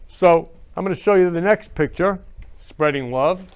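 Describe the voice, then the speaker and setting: A man hosts a show in a loose, casual monologue. His voice sits a little high. He gushes and circles back to the same warm phrases again and again. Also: moderate pace, clear, resonant tone. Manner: effusive and repetitive, gushing about love. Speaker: show host.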